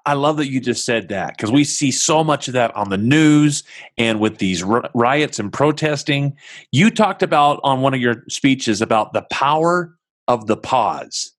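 A man's voice: mid-range voice, expressive, measured pace. A man hosting a conversational interview. He sounds enthusiastic as he prompts his guest with questions and asks him to tell stories.

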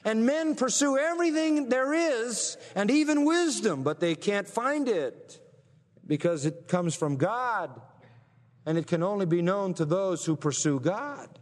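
Male preacher, pretty high voice, emphatic, keeps asking the crowd questions, long echo tail. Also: expressive, measured pace. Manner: emphatic, asks the audience rhetorical questions. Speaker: pastor. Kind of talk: sermon.

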